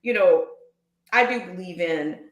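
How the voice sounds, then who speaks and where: A woman's voice: lowish voice, unhurried, echoey room. A woman hosting a livestream, ranting emphatically and firing off rhetorical questions. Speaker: livestream host. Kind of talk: casual livestream rant.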